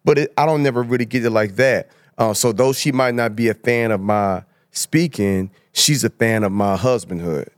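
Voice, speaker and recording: A man's voice: lowish voice, normal speed, hardly any pauses, no room sound, clean studio sound. A man speaking as a motivational speaker and guest, telling stories in an earnest, emphatic way in a casual conversation. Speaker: husband, father and church elder.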